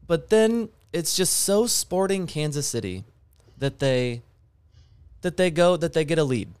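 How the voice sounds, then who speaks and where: Podcast guy, smooth clear voice, dry close sound, exasperated about his team. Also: a little high, animated, unhurried, darkish tone, dry recording. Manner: wry, exasperated fan commentary. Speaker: soccer podcast panelist. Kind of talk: casual sports chat.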